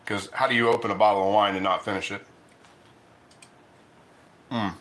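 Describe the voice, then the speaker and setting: A middle-aged man with a bright, forward tone chats loosely through a home-cooking livestream. He rambles, restarts sentences and talks between bites of food. His delivery is easy and unscripted. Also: lowish voice, fairly even intonation, normal speed. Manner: rambling, chatty, restarts often; eating and talking with mouth full. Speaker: cooking show host. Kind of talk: casual livestream chat.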